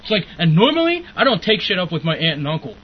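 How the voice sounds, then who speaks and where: A young man ranting profanely in a casual chat, rambling and breaking into angry shouting. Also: high voice, sing-song, fast talker. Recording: muffled lo-fi recording with faint hiss.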